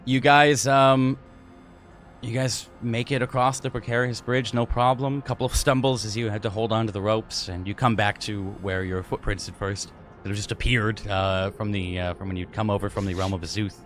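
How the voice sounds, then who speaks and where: A man narrating a tabletop game as game master in a relaxed way, with frequent fillers. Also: on the low side, normal speed, faint music behind.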